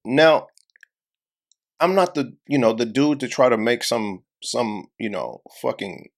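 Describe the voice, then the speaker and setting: A man's voice: medium pitch, measured pace, creaky. A young adult man co-hosting a podcast, telling a story in casual chat and acting out the people he quotes. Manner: animated storyteller, acts out quotes, heavy profanity. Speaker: podcast co-host.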